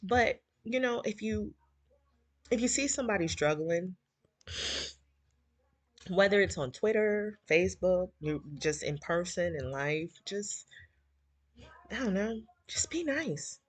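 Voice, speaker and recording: A woman's voice: mid-range voice, lively intonation, slow, pauses often, no echo. A middle-aged woman, hosting a livestream and rambling emotionally while she reads viewer comments. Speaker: livestream host. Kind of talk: casual heartfelt livestream chat.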